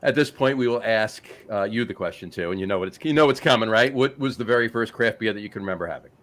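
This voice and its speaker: Easygoing male podcast host, lowish voice. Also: quick pace, fairly bright tone. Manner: easygoing, filler-heavy, repeats phrases. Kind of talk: casual chat.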